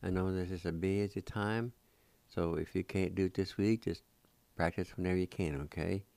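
A man's voice: sits low, steady tone, normal speed, creaky, a little mellow, dry recording. A man hosting a radio language lesson, spelling out words letter by letter and sounding them out syllable by syllable. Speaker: Cherokee language teacher and radio host.

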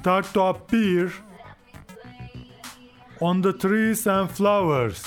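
A man's voice: sits high, takes it slowly, soft background music. A man whose first language is Turkish teaches English, repeating example sentences several times and then translating and explaining them.

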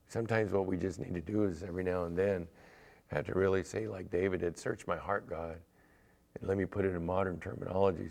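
A man preaching a sermon as pastor, lively and playful, acting out small everyday scenes with humor. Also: deep voice, creaky. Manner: animated, acts out little scenes with humor.

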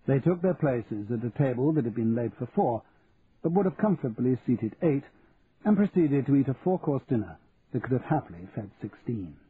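A man's voice: medium pitch, very animated, normal speed. Man narrating an audiobook over a tinny line. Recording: tinny, phone-like audio, faint hiss.

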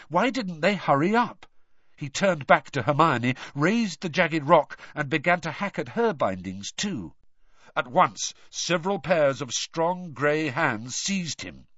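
A man narrating a novel as an expressive audiobook reader. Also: on the high side, dry recording, muffled recording. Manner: expressive storytelling.

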